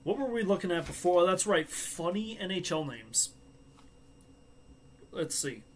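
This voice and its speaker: A man's voice: high voice, very animated, measured pace, a little hiss or hum. A man hosting a live stream, chatting casually and joking to himself with frequent laughs. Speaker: livestream host.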